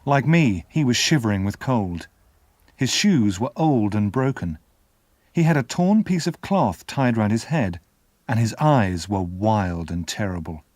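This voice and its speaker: A male narrator reads a classic story aloud with measured, expressive delivery. His pitch moves a lot from line to line, and the recording is dry and close, with no room sound. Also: dry recording. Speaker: audiobook narrator.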